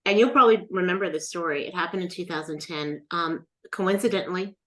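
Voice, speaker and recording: With a voice on the low side and a quick pace, a middle-aged woman tells a story about herself in a casual interview. She's animated and performs the voices of the people she quotes.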